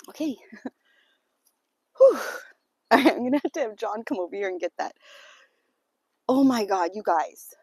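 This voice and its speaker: A woman chatting casually with viewers while walking through her garden on a farm for a live vlog, with quick exclamations and nervous laughter. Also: mid-range voice, expressive, a little mellow, breathy edge, no echo.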